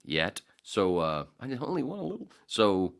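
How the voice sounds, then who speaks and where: A man in his forties hosting a podcast, rambling casually with profane jokes and quick impressions. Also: on the low side, wildly swooping pitch, gravelly. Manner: profane, jokey, slips into impressions. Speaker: podcast host.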